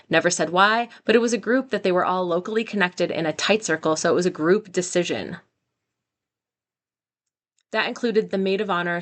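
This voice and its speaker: A young woman hosting a story channel, reading posts aloud into her own microphone and reacting with chatty asides. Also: fairly low pitch. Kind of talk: reading stories aloud with commentary.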